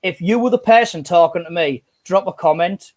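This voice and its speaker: Guy rambling sweary stories on a livestream, slightly high voice, earphone mic. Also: normal speed, a little mellow. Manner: sweary, chatty storytelling. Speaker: co-host of a live stream. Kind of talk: casual chat.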